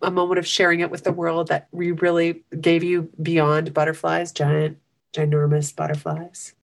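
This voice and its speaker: A woman's voice: sits low, monotone, moderate pace, gravelly. A woman podcast host asking questions in an enthusiastic, effusive way. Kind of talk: podcast interview.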